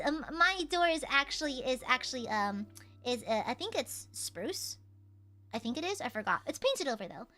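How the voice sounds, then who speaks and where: A woman's voice: sits high, big pitch swings, moderate pace, soft background music. A woman streamer chatting casually and playfully with her chat, a slight Southern accent, and a lingering cough. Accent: slight American Southern. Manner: playful, teasing, bursts into shouting.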